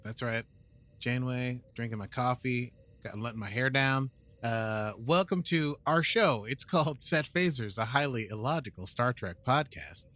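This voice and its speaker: A man's voice: medium pitch, normal speed, fairly bright tone, no echo. A man with a British accent co-hosting a casual podcast, recapping episodes in a playful, rambling way. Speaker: podcast co-host. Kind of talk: casual chat.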